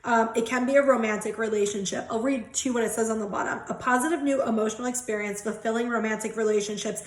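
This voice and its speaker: A woman in her thirties gives a casual spiritual card reading. She is chatty and quick to giggle, with a slightly high voice and the odd swear word. The room around her sounds echoey. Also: steady tone. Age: 30s. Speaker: tarot and angel card reader.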